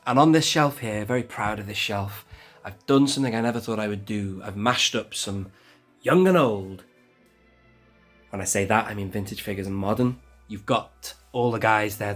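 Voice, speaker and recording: Man in his forties, low voice, chatty collector, faint music behind. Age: 40s. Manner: chatty, self-deprecating, swears casually. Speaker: toy collector vlogger. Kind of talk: casual shelf tour.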